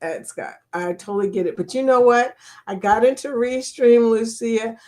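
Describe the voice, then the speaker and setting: A woman's voice: on the high side, moderate pace, darkish tone. An older woman hosting a live chat stream, reading out viewer comments in a chatty, teasing way and laughing often.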